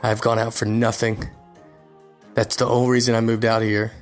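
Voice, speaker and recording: A man's voice: medium pitch, flat delivery, moderate pace, faint music behind. A young man doing a rambling, self-deprecating comedy monologue about his struggles. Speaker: comedian recording a guest spot.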